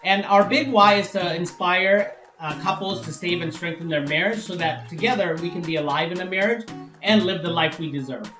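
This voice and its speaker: A man's voice: high voice, moderate pace, reverberant, music in the background, low-quality recording. A man co-hosting, encouraging and conversational as he gives marriage advice. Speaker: co-host. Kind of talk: advice talk for couples.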